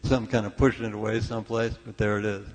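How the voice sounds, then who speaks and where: In a church sanctuary with big-room sound, an older man gives a conversational, story-filled sermon at a spiritual service. His lowish voice moves quickly with little pitch variation, and he's chatty and self-deprecating, often restarting sentences.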